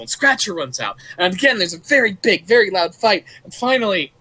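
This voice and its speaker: A man narrating a tabletop game as game master, telling a story with animated sound effects. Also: high voice, fast, hardly any pauses, low-quality recording.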